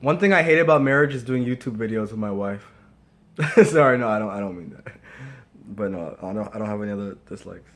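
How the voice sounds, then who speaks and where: A man's voice: on the low side, expressive, a little fast, fairly bright tone. Hesitant, joking man in casual chat. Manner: hesitant, self-interrupting, joking. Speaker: co-host, husband. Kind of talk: casual chat about marriage.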